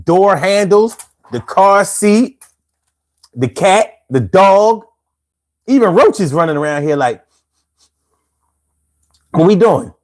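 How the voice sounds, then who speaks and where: A man's voice: high-pitched, sing-song, slow pace, pauses often. A man hosting a casual live show, telling stories in loose slang and laughing often. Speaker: show host.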